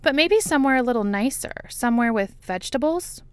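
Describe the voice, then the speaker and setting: A woman reading as a brisk, matter-of-fact agent. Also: on the high side, expressive, clean tone, no echo, voice pushed up, natural voice. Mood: upbeat. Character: composed woman federal agent, dry and sure. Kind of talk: audiobook character reading.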